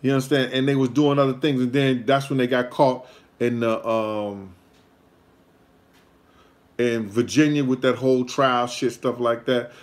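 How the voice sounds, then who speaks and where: A man's voice: medium pitch, steady tone, measured pace, long pauses. A man, hosting his own show and telling a casual story in a rambling, repetitive way full of street slang.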